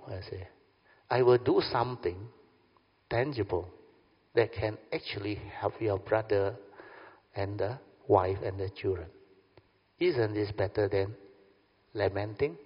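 A man's voice: lowish voice, breathy edge. A man, a Buddhist teacher telling a story in a dharma talk and acting out both sides of a conversation. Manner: animated, acts out dialogue, keeps asking "understand?". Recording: dull lo-fi sound with long hall reverb.

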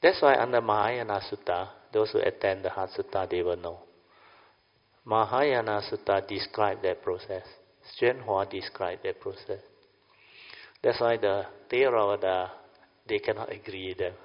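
A man's voice: fairly low pitch, moderate pace. An older man giving a Buddhist dharma talk to a class, chatty, often asking "understand or not?". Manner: chatty, keeps checking the audience with "huh?" and "understand or not?". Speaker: Buddhist meditation teacher. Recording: lo-fi recording in a reverberant hall.

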